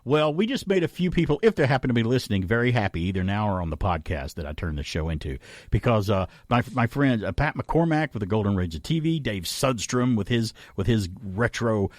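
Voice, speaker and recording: Man, radio host, casual chat, animated, laughs a lot, dry studio, faint music. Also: lowish voice, no room sound. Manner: laughs often, animated storytelling with quick voice imitations.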